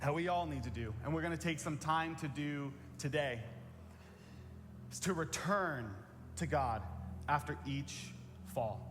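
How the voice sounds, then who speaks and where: Pastor, man, slightly high voice, conversational sermon with repeated key lines, long church reverb. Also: measured pace, noisy background. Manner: earnest, plain-spoken, repeats key phrases. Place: church sanctuary.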